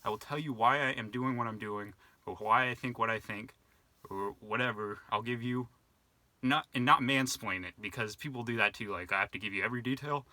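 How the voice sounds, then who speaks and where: A man's voice: mid-range voice, normal speed, sharp tone, no room sound. A young man talking on his own in a rambling, reflective way, with many fillers and restarts, as a vlogger. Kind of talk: casual monologue to camera.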